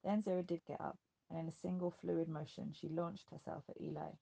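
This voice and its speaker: A woman reading a novel aloud in an even, measured way. Her voice is dark and husky with a heavy gravel. It suits a steady audiobook narration. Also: low voice. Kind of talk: scripted narration.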